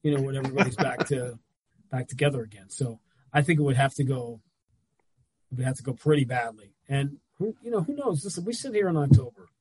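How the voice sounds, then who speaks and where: A man talking basketball in casual chat as a regular analyst, telling stories with quick asides. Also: mid-range voice, a little mellow, slightly rough, no echo.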